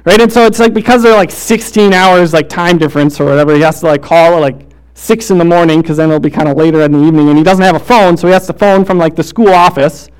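High-voiced man preaching with hushed intensity. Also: smooth. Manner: shifts between fast casual storytelling and slow hushed emphasis; casual fillers like "like" and "right?". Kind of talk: sermon.

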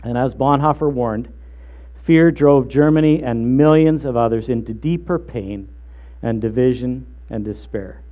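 A man preaching a sermon in an earnest, measured way, slowing down to stress key phrases. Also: medium pitch, phone-quality sound. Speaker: pastor.

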